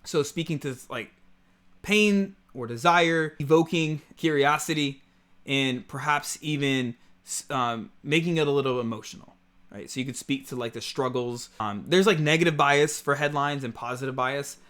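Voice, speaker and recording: A man's voice: medium pitch, moderate pace, fairly bright tone. A man coaching on content marketing, talking to camera in a conversational, emphatic way with frequent fillers. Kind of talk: casual teaching to camera.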